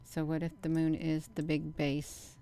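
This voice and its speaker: A woman with a low-pitched voice talks her viewers through camera footage in a loose, chatty way. She keeps calling out to her audience and leans hard on her points, insisting they look where she points. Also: a little slow. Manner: animated, repeatedly addresses viewers as "you all"; insistent, emphatic bursts. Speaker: channel host. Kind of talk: casual live commentary over camera footage.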